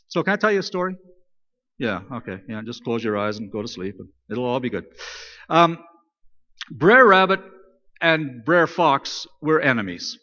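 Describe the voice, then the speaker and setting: Man, pastor, conversational sermon, fairly high voice, long hall reverb, dull sound. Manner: conversational, joking, animated storyteller. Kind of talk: sermon with storytelling. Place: church.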